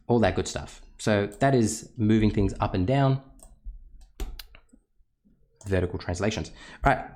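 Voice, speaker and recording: A man with a fairly low voice walks through a maths lesson on screen, explaining each step patiently. He drops in self-deprecating asides as he sketches on a tablet. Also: darkish tone. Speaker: maths teacher.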